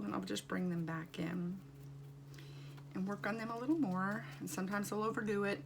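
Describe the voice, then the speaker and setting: A woman's voice: mid-range voice, a little fast, gravelly, background noise. A woman doll artist chatting casually and wryly as she works in her home studio, rambling from one thought to the next. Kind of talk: casual chat while working.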